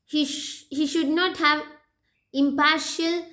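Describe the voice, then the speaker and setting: A woman with an Indian English accent, teaching an English poetry lesson slowly and deliberately, pausing often with "uh". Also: high voice, steady tone, bright, forceful tone. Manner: slow, deliberate, with frequent "uh" pauses. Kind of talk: recorded lecture.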